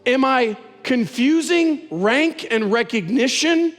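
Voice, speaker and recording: A man's voice: very high-pitched, lively intonation, slow, a bit bright, in a large hall, soft background music. A man preaching a sermon as pastor, talking conversationally and telling stories with animation.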